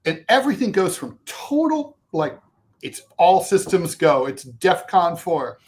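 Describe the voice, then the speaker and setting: Animated man telling a long story. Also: high-pitched, unhurried. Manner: animated, swearing, restarts and asides. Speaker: co-host. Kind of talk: casual storytelling chat.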